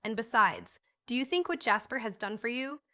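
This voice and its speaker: A woman voicing a stern, hardworking mother who speaks in a measured, firm way in a storybook reading. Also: a little high, expressive, bright, forceful tone.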